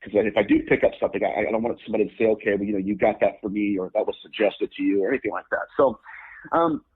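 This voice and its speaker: Husky man telling a story over a phone-like line. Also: on the low side, lively intonation, racing. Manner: earnest, recounts events and quotes himself. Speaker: guest, religious demonologist. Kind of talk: casual interview storytelling. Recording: phone-like narrow sound.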